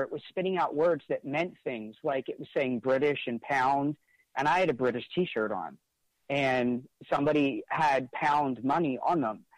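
A man with a fairly high voice tells a personal story as an interview guest, earnest and conversational, with lots of "like" fillers and restarts. The audio is poor and has no room sound.

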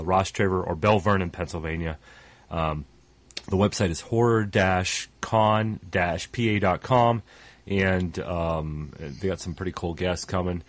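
A man's voice: sits low, no echo. A man co-hosting a radio show in casual talk, stuffed up, rambling with many fillers and trailing off at phrase ends.

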